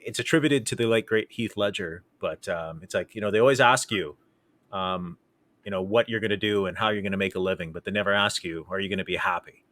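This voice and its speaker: A man's voice: deep voice, quick pace, fairly bright tone, no echo. A man hosting a casual interview podcast, talking emphatically and repeating his points. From Canada. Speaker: podcast host.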